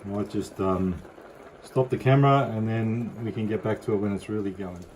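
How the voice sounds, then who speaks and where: A man's voice: on the low side, fairly even intonation, moderate pace, very noisy. A middle-aged man with an Australian accent chatting casually through a home-kitchen cooking demonstration, rambling and easygoing. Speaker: cooking vlogger.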